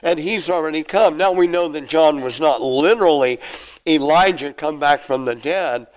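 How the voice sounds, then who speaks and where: A man preaching a sermon with a somewhat high voice. He reads scripture aloud and then explains it verse by verse. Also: normal speed, low-quality recording. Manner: acts out the questioners' lines in a raised voice. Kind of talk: expository sermon.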